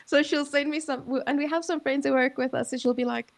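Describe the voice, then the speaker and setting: A woman's voice: sits high, steady tone, fast. A woman co-hosting a casual video-call chat, talking in a chatty way with lots of asides. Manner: chatty, full of fillers and asides. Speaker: co-host.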